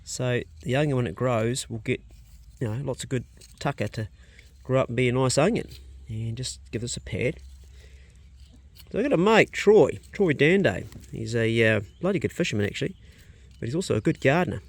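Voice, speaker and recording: A man's voice: mid-range voice, animated, moderate pace. A man homesteading outdoors on his farm, chatting casually as he gardens and talks to his sheep and dogs. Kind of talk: casual outdoor vlog commentary. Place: outdoors on a rural farm paddock. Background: sheep and dogs nearby.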